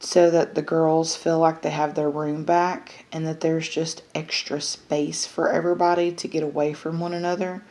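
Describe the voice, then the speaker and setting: Chatty woman with a low voice. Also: normal speed, few pauses. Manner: chatty, many fillers, excited baby talk to pets. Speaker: vlogger. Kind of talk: casual chat to camera.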